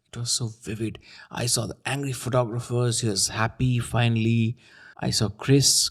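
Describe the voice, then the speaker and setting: A man talking casually to camera, with a playful, teasing manner. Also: fairly low pitch. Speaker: camera YouTuber. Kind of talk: casual talking-head commentary.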